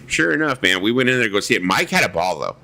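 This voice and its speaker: Low-voiced dude hosting a chill live stream, super animated, rambles and cusses while reading chat. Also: male voice, fast talker, gravelly. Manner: animated rambling storyteller, swears freely. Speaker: livestream host. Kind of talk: casual chat reading viewer comments.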